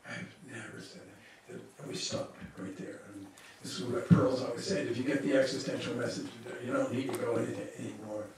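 A man's voice: mid-range voice, a little fast, hardly any pauses, crowd noise. Guy lecturing in a big echoey hall, mic kinda far off, tells stories and acts out the people in them, lots of uh and restarts. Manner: lively storyteller who acts out the people he quotes; frequent hesitations and restarts. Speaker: psychologist leading a seminar. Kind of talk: seminar lecture with case story.

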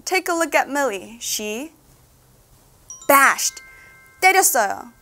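A woman's voice: high voice, big pitch swings, moderate pace, long pauses, sharp tone. A woman reading a children's storybook aloud as a lesson, switching between English and Korean, playful and full of questions to the listener. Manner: playful, asks the listener questions, laughs often.

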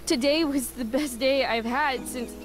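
Raw, swearing teenage rebel. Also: female voice, sits high, steady tone, measured pace. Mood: pleading. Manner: blunt and swearing. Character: angry rebellious teenage girl, grieving her dad. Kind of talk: video game voice acting.

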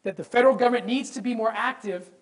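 A man's voice: very high-pitched, fast, rough recording. Male presenter, fervent religious history lecture, emphatic, rhetorical questions to the room, stumbles into repeats when fired up. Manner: repeats words when excited.

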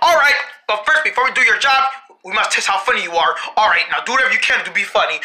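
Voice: medium pitch, quick pace, pushed and bright. A performer voicing a bossy, lecturing character in a homemade cartoon.

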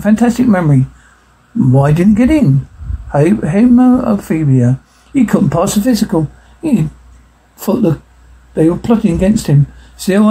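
A man's voice: high-pitched, vocal fry, dark tone, husky, heavily acted, low-quality recording. A man voicing a boastful, chatty young male starship pilot in an audiobook reading.

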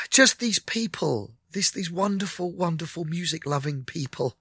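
A man's voice: a little high, a little slow, husky, no echo, clean studio sound. A middle-aged man, a musician, telling candid stories in a radio interview and acting out the conversations. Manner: animated, candid storyteller who acts out conversations. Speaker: musician guest.

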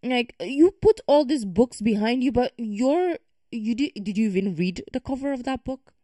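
Woman reaction creator, emphatic ranter, mellow voice, dry sound. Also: a little high, lively intonation, moderate pace, dry recording. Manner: ranting, emphatic and exasperated. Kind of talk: casual reaction commentary.

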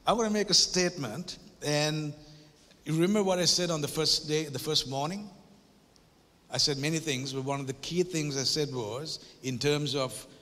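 A man's voice: fairly high pitch, normal speed, a bit bright. A man giving a conversational church workshop talk, joking with the audience and building to emphatic preacher-like points with frequent tag questions. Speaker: guest workshop speaker at a church. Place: church auditorium. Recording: reverberant church hall.

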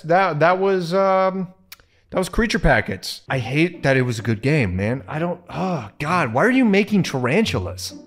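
Squeamish young man playing a game. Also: mid-range voice. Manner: jumpy, squeamish, swears and groans. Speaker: gaming video creator. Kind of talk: casual let's-play commentary.

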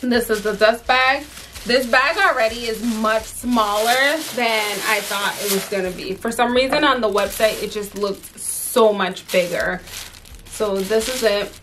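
A woman's voice: on the high side, a little slow, background noise. A young adult woman chatting casually through a handbag unboxing, chatty and exasperated, full of fillers. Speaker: fashion vlogger.

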